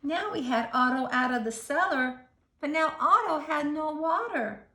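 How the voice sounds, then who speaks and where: A woman reads a bedtime story slowly and expressively, pausing to ask the listener questions. Her high, bright voice rises and falls in a sing-song way. The room around her has a noticeable echo. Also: big pitch swings. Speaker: storyteller reading aloud. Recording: roomy echo.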